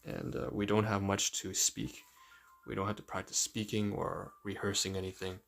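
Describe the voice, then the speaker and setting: Low, gravelly man reading aloud. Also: level tone, a bit bright, soft background music. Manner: reads aloud haltingly, stumbling over long words; thinks aloud with frequent fillers. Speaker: livestreamer. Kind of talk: casual live-stream study talk, reading aloud.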